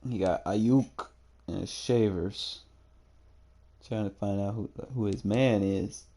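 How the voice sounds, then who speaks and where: Young man, casual gameplay commentary, low voice, warm tone, slangy, keyboard clicks behind. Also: slow pace. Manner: laid-back, slangy, talks to himself while checking stats. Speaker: gaming streamer.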